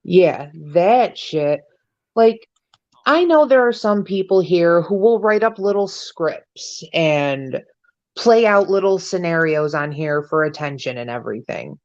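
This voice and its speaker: Woman co-host, casual podcast chat, low voice, unhurried delivery, blunt and profane, dull lo-fi sound. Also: animated, darkish tone. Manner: blunt, swears freely, gossipy.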